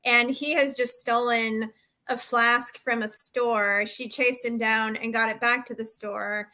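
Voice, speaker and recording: A woman author, a guest on the show, reads aloud from her own novel at a steady pace and corrects herself lightly now and then. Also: fairly high pitch, unhurried.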